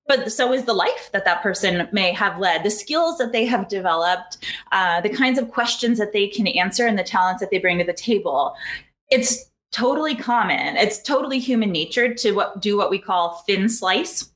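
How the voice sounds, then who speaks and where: A woman's voice: mid-range voice, a bit bright. A woman as an interview guest, explaining her ideas earnestly and building up lists of points. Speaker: guest expert.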